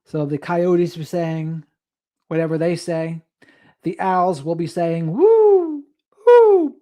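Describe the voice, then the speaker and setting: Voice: mid-range voice, level tone, takes it slowly, dark tone. Rambling late-night livestream host. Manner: rambling, reads out viewer comments and drifts into asides. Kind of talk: casual late-night live stream chat.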